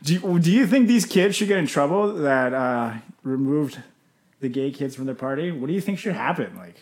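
A man's voice: fairly high pitch, lively intonation, moderate pace, a little mellow. A man from Venezuela co-hosting a casual podcast, joking crudely and reading sponsor plugs. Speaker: podcast co-host. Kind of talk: casual chat.

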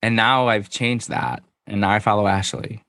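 A man co-hosting a casual recap podcast, talking in an animated, emphatic way and swearing freely. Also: fairly low pitch, moderate pace, no room sound, studio quality. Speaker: podcast co-host. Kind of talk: casual reality-TV recap chat.

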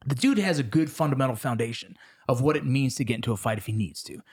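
A man's voice: medium pitch, breathy edge. A man hosting a podcast in casual chat, swearing freely and acting out the voices in his stories. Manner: fast, profane, acts out the voices in his stories. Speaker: podcast host.

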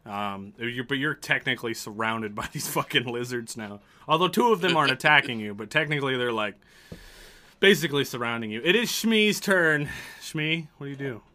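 A man's voice: mid-range voice, animated, moderate pace, pushed and bright. A man narrating a tabletop game as game master, loose and laughing, with casual swearing.

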